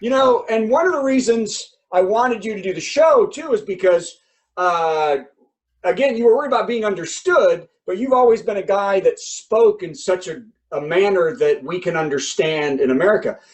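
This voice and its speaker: A middle-aged man hosts an online comedy show in a chatty, laughing way. His voice sits high for a man. He jokes between acts and breaks into mock impressions. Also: expressive, moderate pace, low-quality recording. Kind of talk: virtual comedy show hosting.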